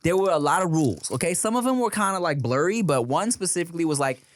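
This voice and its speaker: A man's voice: a little high, animated, quick pace, no room sound. Slangy, opinionated man on a podcast. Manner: slangy, opinionated, says dog and bruh. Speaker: podcast co-host. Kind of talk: casual podcast chat.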